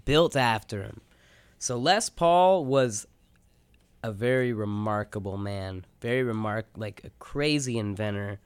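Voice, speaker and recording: Smooth low-voiced young radio host. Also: male voice, lively intonation, unhurried, no room sound. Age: young adult. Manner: rambling, lots of "like" and "you know". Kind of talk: casual radio chat. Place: radio studio. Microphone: studio microphone.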